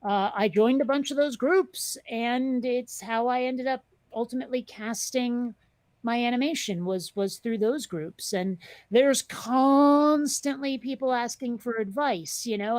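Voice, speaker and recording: Woman, chatty host, rambling, fillers, higher pitch, dry close sound. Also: measured pace, darkish tone, dry recording. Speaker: podcast host. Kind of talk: casual chat.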